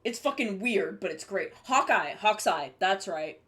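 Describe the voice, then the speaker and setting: Young woman, live streamer, rambling casual chat, offhand swearing, mid-pitched voice. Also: animated, a little slow, a bit bright.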